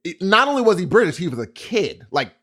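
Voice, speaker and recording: Lively, animated middle-aged man chatting. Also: high-pitched, slightly rough. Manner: animated, quick bursts of storytelling. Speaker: podcast co-host. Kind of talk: casual chat.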